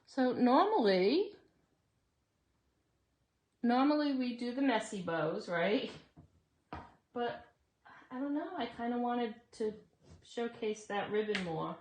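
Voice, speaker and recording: Hosting a relaxed live stream from her craft shop, this owner talks to her audience as "guys," chats freely and wanders into plenty of side comments. She speaks slowly and expressively at a medium pitch, leaving long pauses, with a slightly mellow tone. The audio is echoey and faintly noisy, picked up from far away.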